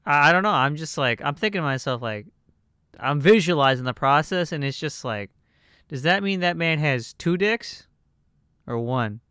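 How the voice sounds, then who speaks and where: Smooth-voiced young man, rambling podcast talk. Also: a little high, expressive, moderate pace, sharp tone, no echo, clean studio sound. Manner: rambling, swears casually, many restarts. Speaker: podcast co-host. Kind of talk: casual chat.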